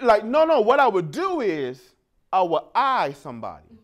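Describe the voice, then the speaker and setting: A man in his thirties on stage doing stand-up with a high-pitched, swooping voice. He tells his stories with lots of energy and often laughs at his own jokes. His delivery stays loose and conversational. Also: big pitch swings, takes it slowly. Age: 30s. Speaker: stand-up comedian. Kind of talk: stand-up routine.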